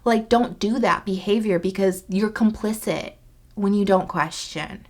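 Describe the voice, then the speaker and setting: A woman's voice: mid-range voice, a little slow, darkish tone. A woman vlogger talking earnestly to camera, pleading and repeating herself for emphasis. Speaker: skincare YouTuber. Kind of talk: earnest direct-to-camera talk.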